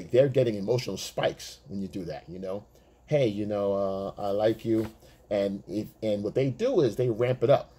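A man's voice: lowish voice, dark tone, husky. Blunt streetwise male dating coach. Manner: blunt, streetwise, swearing, acts out chat messages. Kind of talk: casual monologue to male viewers.

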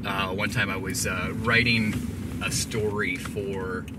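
Earnest low-voiced man in a noisy car. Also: little pitch movement, slow pace, distant mic. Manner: earnest storytelling, then bursts into loud singing. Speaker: college president. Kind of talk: casual chat in a car. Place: inside a moving car. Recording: road noise, mic away from speaker.

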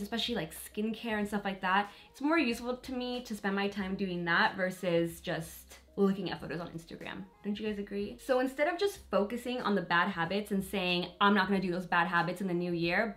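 A woman beauty vlogger chatting casually and candidly to her viewers while she applies makeup. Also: mid-range voice. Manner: chatty and candid, with small laughs and fillers; talks to viewers directly while applying makeup. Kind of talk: casual get-ready-with-me chat.

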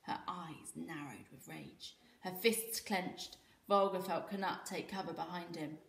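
A British woman teacher reading a children's story aloud in an expressive, lively way. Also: on the low side, unhurried, creaky, roomy sound. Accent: British English. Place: school room.

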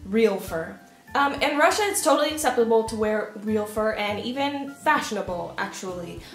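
A woman's voice: on the high side, expressive, moderate pace. A woman co-hosting a casual vlog, chatting in a loose, self-deprecating way with filler ums. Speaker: vlogger co-host. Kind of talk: casual chat. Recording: roomy echo with faint music.

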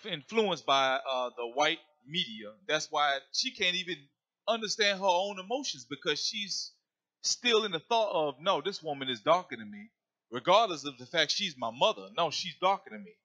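Forceful lecturing man. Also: a little high. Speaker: co-host. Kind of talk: religious radio talk show.

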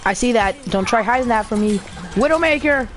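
A woman giving casual, rambling commentary while playing a video game, chatty and quick to get excited. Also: medium pitch, soft background music. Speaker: gamer.

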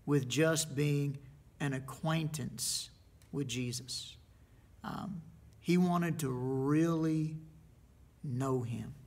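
Folksy preacher man with a gravelly voice. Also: fairly high pitch. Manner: folksy storytelling with slow, emphatic pauses. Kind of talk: sermon.

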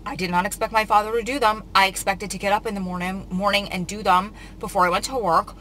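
A woman's voice: mid-range voice, steady tone, fast, bright, forceful tone, slight background noise, poor audio. A young woman telling a long, rambling story to her viewers, close to tears as she talks. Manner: tearful, confiding, rambling retelling. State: on the verge of tears. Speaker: vlogger. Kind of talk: emotional storytime vlog.

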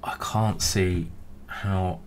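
A man giving animated, self-mocking running commentary while he plays speed chess online. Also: low voice, drawn-out words, slight background noise. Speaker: chess streamer. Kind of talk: thinking aloud while playing speed chess.

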